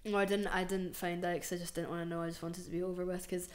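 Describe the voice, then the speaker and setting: In a very fast, low-pitched voice, a young Scottish podcast host tells animated stories during a casual chat, heavy on swearing, fillers and "like."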